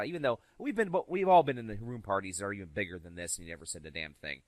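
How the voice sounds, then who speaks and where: A man telling stories in a casual podcast chat, animated and acting out the voices of the people in them. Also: mid-range voice, fairly quick, no echo. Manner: animated, acts out quoted voices. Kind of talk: casual storytelling.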